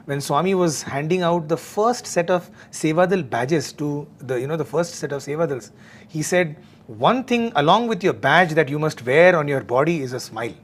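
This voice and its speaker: A man's voice: fairly high pitch, lively intonation, moderate pace. A man talking earnestly and casually about meditation and staying cheerful, often saying "you know". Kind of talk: casual spiritual conversation.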